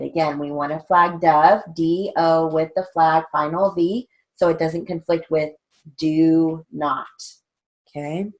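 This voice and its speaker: A woman's voice: low voice, fairly even intonation, slow pace. A woman teaching a stenography theory lesson, dictating drill sentences carefully and spelling out strokes letter by letter. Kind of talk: instructional lesson.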